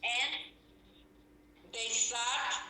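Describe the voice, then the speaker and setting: A woman with a very bright, piercing tone tells a family story in animated, indignant chat. Her voice rings around an echoey room, and she keeps the delivery loose and conversational. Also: on the high side, extremely slow, a little hiss or hum. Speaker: podcast co-host.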